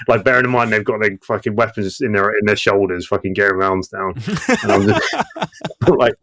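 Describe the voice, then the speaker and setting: A man's voice: lowish voice, steady tone, moderate pace, fairly bright tone. A man in his thirties telling war stories casually, swearing and acting out voices, laughing often. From Britain. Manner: profane, acts out quoted voices, laughs often. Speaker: guest veteran.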